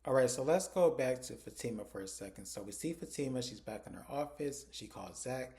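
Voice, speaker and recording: A man in a mid-pitched voice gives a casual recap of a TV episode. He retells the scenes in a chatty way, often slipping into quoted dialogue. His delivery is relaxed and conversational. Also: a little fast. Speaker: TV episode reviewer.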